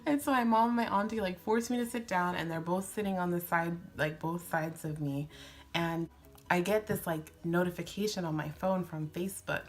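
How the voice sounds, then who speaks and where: A woman in her twenties chatting excitedly while doing a makeup tutorial, gushing and giggling as she tells a story. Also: fairly low pitch, moderate pace. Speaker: beauty vlogger.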